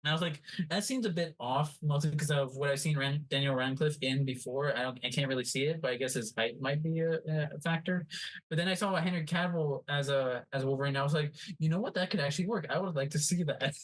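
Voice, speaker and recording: A man rambles through casual podcast chat, stopping often to restart his sentences. He fills the gaps with filler words. His voice is a little high for a man. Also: fairly even intonation, quick pace, poor audio. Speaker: podcast co-host.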